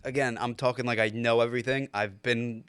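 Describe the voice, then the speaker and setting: A man's voice: mid-range voice, flat delivery, brisk, a bit bright, clean tone, no room sound. A young man co-hosting a podcast in casual chat, laid-back and offering friendly advice. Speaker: podcast co-host.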